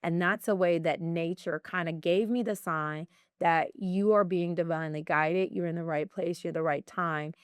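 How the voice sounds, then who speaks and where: A woman guest in an interview, telling personal stories in an animated, heartfelt way. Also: lowish voice, normal speed, smooth, no room sound, studio quality. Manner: animated storyteller, acts out her own excitement. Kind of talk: conversational interview.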